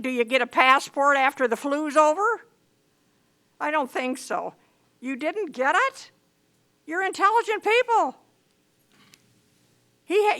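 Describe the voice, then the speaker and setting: A woman addresses a county board in public comment, indignant and scolding. Her voice sits high and sounds bright and sharp.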